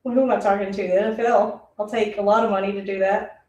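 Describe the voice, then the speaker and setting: A woman talking through a live football game as a streamer, chatty and rambling and often laughing. Her voice is mellow and a little dark. It sits away from the mic in an echoey room. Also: mid-range voice, fairly even intonation, fast. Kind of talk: casual live play-by-play reaction. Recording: roomy, distant mic.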